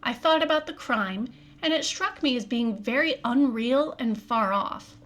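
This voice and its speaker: A woman reading a classic mystery novel aloud as narrator in a calm, measured storytelling manner. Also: a little high. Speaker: audiobook reader.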